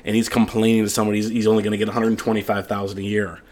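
A man co-hosting a podcast, telling a casual story with lots of quoted back-and-forth dialogue. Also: lowish voice. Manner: fast, animated anecdote-telling with quoted dialogue. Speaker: podcast co-host.

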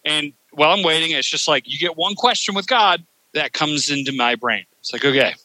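A man's voice: a little high, fairly quick, sharp tone, no room sound, rough recording. A man hosting a podcast, telling a rambling, profane story full of fillers in casual chat. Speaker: podcast host.

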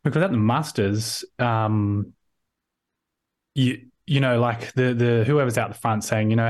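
A man's voice: medium pitch, expressive, normal speed. Australian man, podcast guest, rambling with restarts, video call audio. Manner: rambling with frequent restarts, acts out quoted voices. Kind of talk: casual conversational interview.

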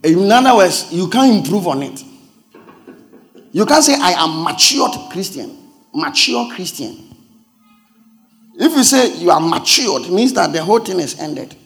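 A pastor preaching a sermon in a high voice that leaps around in pitch. He explains like a teacher, keeps asking if he is understood, and swells into loud, emphatic preaching. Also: big pitch swings, moderate pace, soft background music. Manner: teacherly, checks understanding with repeated questions.

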